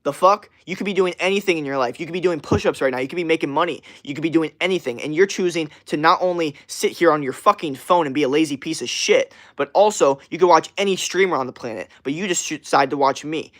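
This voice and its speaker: A young man hosts his own live stream, talking straight to viewers in a loose, profanity-laced rant. His voice sits a bit high for a man, and he swears freely as he vents and then drifts back into easy, casual chatter. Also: quick pace, few pauses, a bit bright. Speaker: livestreamer. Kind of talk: casual livestream chat.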